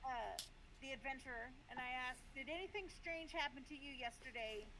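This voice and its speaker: A woman's voice: high-pitched, brisk, pushed and bright. A woman playing a halfling in a tabletop game, playful and teasing as she speaks in character. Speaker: player.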